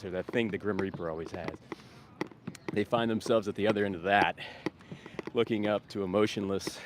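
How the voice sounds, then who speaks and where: A man with a fairly low voice talks to his camera while he walks a town street. His delivery is rambling and upbeat, full of fillers and restarts. Faint street noise sits behind him on a handheld mic. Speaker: vegan street activist and vlogger. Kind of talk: casual walking vlog and street outreach. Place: outdoors on a busy town street.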